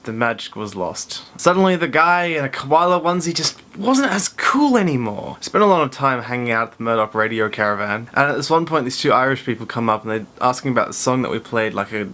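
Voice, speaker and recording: A man's voice: mid-range voice, expressive, fairly quick, few pauses, sharp tone. A young man talking alone in his bedroom in a playful, exclamatory vlog monologue. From Perth, Australia. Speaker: vlogger.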